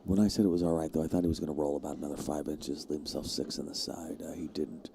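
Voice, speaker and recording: Low gravelly man commenting on pool. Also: fairly even intonation, quick pace, mellow, a little hiss or hum. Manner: chatty, rambling, drops to near-whisper during shots. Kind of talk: casual live commentary.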